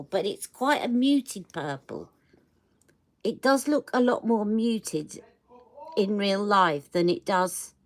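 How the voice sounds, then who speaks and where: A woman hosting a beauty livestream from home, chatting casually and checking in with her viewers as she shows products. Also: mid-range voice. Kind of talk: casual live product review.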